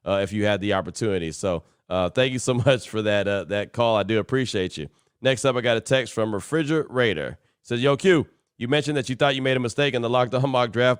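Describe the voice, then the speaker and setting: Fast-talking male podcast host. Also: medium pitch, clean tone, no room sound, studio quality. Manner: chatty, laughs easily, animated when telling stories. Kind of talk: casual call-in podcast talk.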